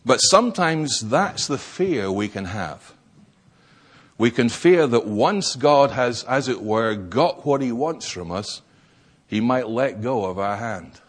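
A man's voice: medium pitch, lively intonation, slow, slightly rough. A man preaching a sermon, stressing key words and posing rhetorical questions.

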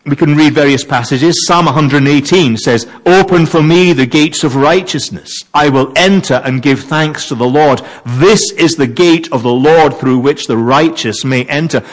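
A man preaching a sermon, reading verses and wondering aloud over their meaning. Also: fairly high pitch. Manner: animated, wondering aloud, mixes reading with asides.

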